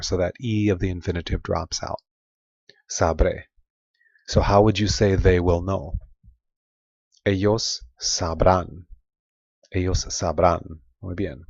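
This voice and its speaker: A man teaching a recorded Spanish grammar lesson, explaining patiently and repeating example phrases slowly. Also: low-pitched, fairly even intonation, gravelly, darkish tone, slightly rough, no echo. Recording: dull lo-fi sound, dry.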